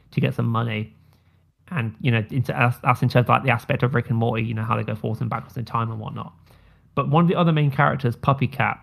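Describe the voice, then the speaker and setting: A man's voice: medium pitch, vocal fry. A man co-hosting a casual podcast live stream, rambling enthusiastically and swearing now and then. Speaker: podcast co-host. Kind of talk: casual chat. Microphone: streamed call mic.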